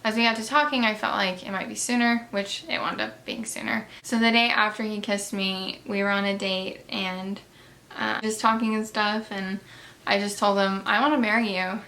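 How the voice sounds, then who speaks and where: Young woman beauty vlogger, bright tone, chatty storytelling with lots of "like" and "um.". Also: medium pitch, moderate pace. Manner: chatty, many fillers, animated retellings. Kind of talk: casual storytelling while doing makeup.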